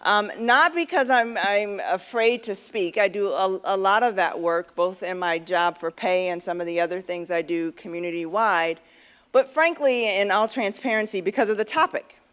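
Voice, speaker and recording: At a podium microphone during a convention luncheon, a middle-aged woman tells a candid, self-deprecating personal story, chatty and full of fillers. Her voice is medium-pitched, clean, and fairly bright, at normal speed.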